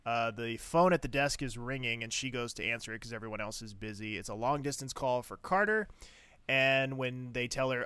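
A man hosting a casual TV recap podcast, animated and chatty, often laughing. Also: mid-range voice, fairly quick, clean tone. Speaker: podcast host.

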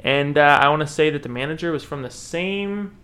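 A man's voice: fairly high pitch, brisk. A man telling a funny story in casual podcast chat, laughing often and acting out the voices of people in it. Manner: animated, laughing, acts out voices in quotes. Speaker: podcast host.

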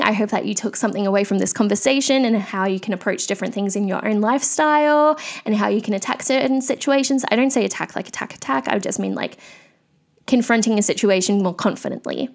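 A woman's voice: medium pitch, brisk. A young woman hosting a solo podcast, ranting candidly in a chatty way with lots of fillers. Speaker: podcast host.

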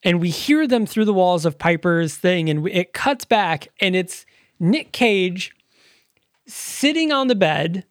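A woman's voice: on the low side, expressive, takes it slowly, no room sound, clean studio sound. A young woman co-hosting a podcast, loosely recapping a film's plot in casual chat and swearing freely. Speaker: podcast co-host. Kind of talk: casual movie review chat.

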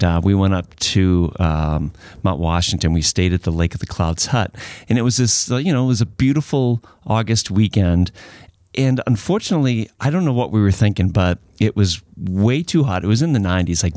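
A man in his forties co-hosting a podcast who tells anecdotes in a relaxed, chatty way. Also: low-pitched, no room sound. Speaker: podcast co-host. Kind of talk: casual storytelling chat.

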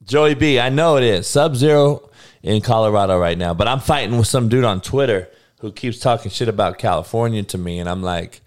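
A man's voice: on the low side, fairly quick. A man ranting bluntly and profanely in casual talk, laughing between heated points.

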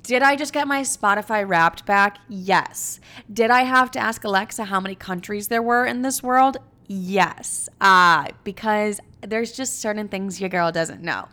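A woman's voice: medium pitch, a little slow, pushed and bright. Chatty young woman rambling candidly. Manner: rambling, candid, frequent "like" fillers and swearing. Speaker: podcast host. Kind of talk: casual solo chat.

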